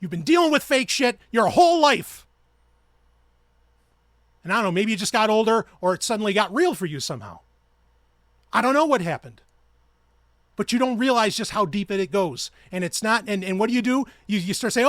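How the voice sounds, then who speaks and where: A man's voice: high-pitched, very animated, brisk, long pauses, fairly bright tone, no echo, studio quality. A man hosting his own podcast, ranting in a heated, profane and sarcastic way. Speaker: podcast host. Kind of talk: ranting solo podcast talk.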